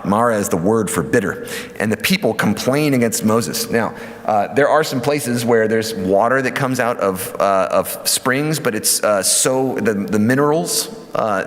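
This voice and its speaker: A man giving a church lecture on scripture, lively and conversational with many fillers and asides. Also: lowish voice. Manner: lively teaching with fillers and acted quotes. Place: church hall. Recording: hall reverb.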